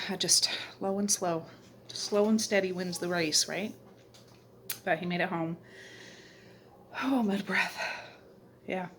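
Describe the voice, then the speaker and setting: Rambling low-voiced woman vlogger. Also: slight background noise. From Canada. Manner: chatty, rambling, warm sign-off with repeated fillers. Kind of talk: casual chat. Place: outdoors in cold snowy weather, then at home.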